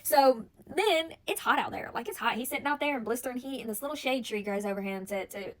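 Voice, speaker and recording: Chatty, high-voiced woman storyteller. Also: fast talker. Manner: chatty and animated, heavy use of "like". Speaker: bible study vlogger. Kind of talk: casual storytelling.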